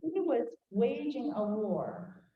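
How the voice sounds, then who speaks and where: An older woman teaching a group, telling a family story in an animated way and acting out voices. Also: on the high side, takes it slowly, narrow, tinny audio. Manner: animated, acts out quoted voices. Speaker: Bible study teacher. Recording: echoey room, faint noise.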